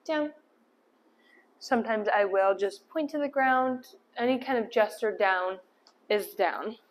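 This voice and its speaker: A woman's voice: mid-range voice, measured pace. A woman dog trainer explaining each step while giving short commands and praise to a dog in an indoor room. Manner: upbeat praise, firm cues.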